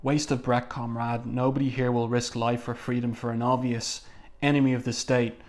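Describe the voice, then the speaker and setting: A man's voice: mid-range voice, flat delivery, normal speed, lightly acted. A man reading aloud the mocking lines of a treacherous male boss, with little acting.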